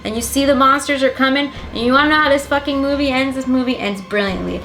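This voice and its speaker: A woman's voice: sits high, fast, a bit bright, soft background music. A young woman giving a rambling, sarcastic and profane comedic plot summary of a film. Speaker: comedic movie recapper.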